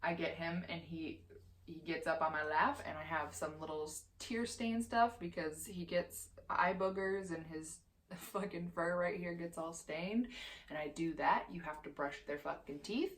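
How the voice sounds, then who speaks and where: A woman's voice: sits low, unhurried. A woman in her twenties ranting as a vlogger, heated and profane, swearing constantly. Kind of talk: heated opinion rant.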